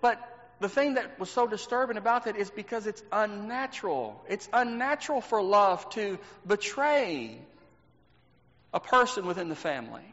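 A man preaching a sermon to a congregation. He stresses points by slowing down and repeating words, and asks rhetorical questions. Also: high-pitched, a bit bright. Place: church sanctuary. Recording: dull lo-fi recording with long hall reverb.

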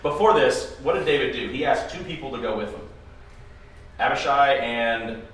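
A man casually leading a Bible study discussion, animated and acting out quotes in playful voices. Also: medium pitch, moderate pace, a little hiss or hum. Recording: echoey room from far off with faint ambience.

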